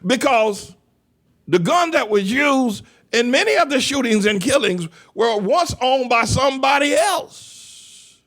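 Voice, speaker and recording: Pastor guy preaching hard, high voice, leans on his questions and says things twice. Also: animated, fairly bright tone. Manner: emphatic, drawn-out rhetorical questions; repeats phrases for stress. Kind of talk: impassioned sermon-style talk.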